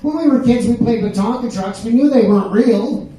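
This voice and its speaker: Older man, stand-up comic, rambling deadpan, high voice, dark tone. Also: brisk, heavy reverb, far from the mic, a little hiss or hum, rough recording. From Canada. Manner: rambling deadpan delivery with many fillers. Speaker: stand-up comedian. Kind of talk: stand-up set. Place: pub stage.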